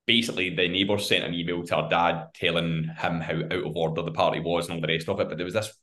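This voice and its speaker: A man's voice: low-pitched, fairly even intonation, quick pace, fairly bright tone. A man with a Scottish accent, co-hosting a podcast, telling a long story in casual chat, swearing freely and laughing as he goes. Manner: swears freely and laughs through his anecdotes. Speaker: podcast co-host.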